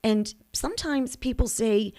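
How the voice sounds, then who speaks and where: A woman's voice: on the high side, lively intonation, measured pace, mellow. A woman in her forties hosting a motivational podcast, talking in a candid, chatty and emphatic way. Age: 40s. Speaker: podcast host. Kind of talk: motivational monologue.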